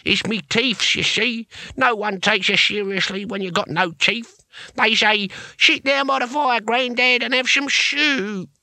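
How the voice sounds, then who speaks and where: A man's voice: very high voice, bright, forceful tone, no echo, pitched above the performer's own voice, full character voice. A man doing a toothless 87-year-old barbarian. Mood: grumbling. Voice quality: gummy, toothless mumble. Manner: slow, moody grumbling.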